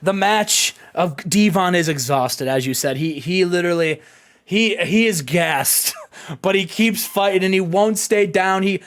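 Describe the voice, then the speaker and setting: A man with a Southern US accent, hosting and excitedly retelling wrestling match results with laughs and restarts. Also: high-pitched, measured pace. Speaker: host narrating simulated wrestling results. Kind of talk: casual chat, play-by-play storytelling.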